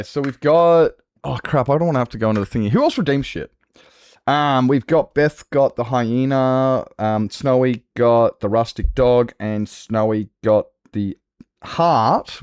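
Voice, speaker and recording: A man's voice: medium pitch, darkish tone, no echo, studio quality. A man with an Australian accent chatting casually on a livestream, rambling and swearing freely. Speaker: Minecraft streamer.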